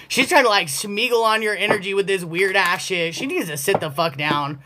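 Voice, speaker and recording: A woman's voice: mid-range voice, a little fast, few pauses, sharp tone. A woman giving a casual collective tarot reading, blunt and profane and often breaking into laughter. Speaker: tarot reader.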